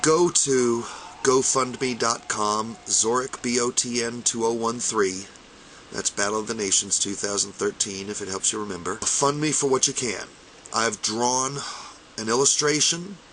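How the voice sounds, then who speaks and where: A man's voice: mid-range voice, fairly even intonation, unhurried, slight background noise, rough recording. A man giving an impassioned fundraising appeal to camera, urging listeners not to quit, choked up with emotion. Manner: fervent, repetitive exhortations, rising to near-shouting. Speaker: armored combat fighter making a fundraising appeal.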